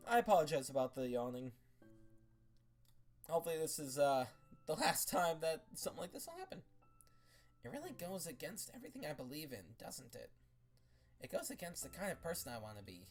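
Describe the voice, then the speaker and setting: A woman's voice: a bass voice, big pitch swings, a little fast, darkish tone, faint music behind. A woman reading a fan story aloud, narrating with casual asides and small restarts. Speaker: story reader.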